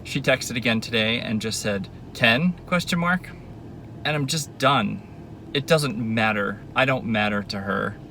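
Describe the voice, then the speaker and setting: A man's voice: lowish voice, normal speed, vocal fry, sharp tone, slight background noise, low-quality recording. A man recording a confessional video diary, rambling and bitter, swearing heavily as he vents.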